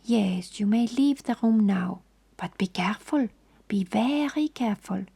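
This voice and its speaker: A woman's voice: mid-range voice, measured pace, vocal fry, mellow, breathy edge. Hercule Poirot, a fussy detective, whispered by a woman. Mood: suave. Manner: formal, mildly reproving, ornate phrasing. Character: fussy, precise older male detective. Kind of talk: whispered role-play.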